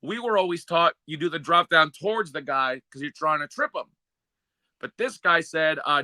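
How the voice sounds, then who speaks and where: A man's voice: fairly high pitch, moderate pace, no room sound. A man on a casual podcast, a co-host and former wrestler telling stories and acting out the other people in them. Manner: lively storyteller, acts out the other people in his stories.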